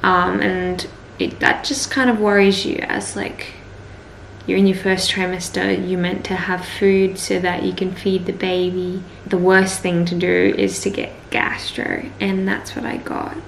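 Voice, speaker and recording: A woman's voice: fairly low pitch, flat delivery, unhurried, vocal fry, slight background noise. A young woman vlogging casually, rambling with lots of "like". She sounds tired and weak from being sick. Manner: chatty, rambling, full of "like". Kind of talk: casual vlog diary. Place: bus, then a car.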